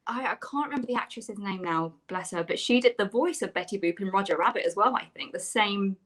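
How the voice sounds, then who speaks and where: A woman's voice: medium pitch, fast, a bit bright. A woman talks eagerly and at length, jumping from thought to thought. She is a panel guest speaking over a video call. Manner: enthusiastic, chatty, rambling.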